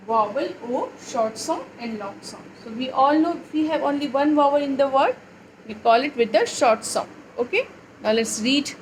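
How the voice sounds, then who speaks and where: A woman teacher leading a phonics lesson for young children, reading words aloud slowly in a sing-song way. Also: sits high, slight background noise, rough recording. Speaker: English teacher.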